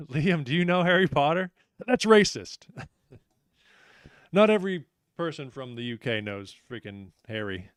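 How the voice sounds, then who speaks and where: A man's voice: mid-range voice, fairly even intonation, measured pace, a bit bright, smooth, no room sound, studio quality. A man hosting a live trivia night, upbeat and joking, reading out questions and answers and teasing the players. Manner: upbeat, joking, self-deprecating.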